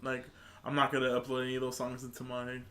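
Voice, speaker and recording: A man co-hosting a podcast in casual chat, retelling scenes in an animated way. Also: medium pitch, fast talker, a little hiss or hum. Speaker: podcast co-host.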